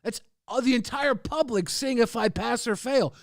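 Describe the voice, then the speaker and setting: A man streaming casually, reading and answering chat in a loud, profane, combative rant. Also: very high voice, moderate pace, few pauses, no echo, clean studio sound.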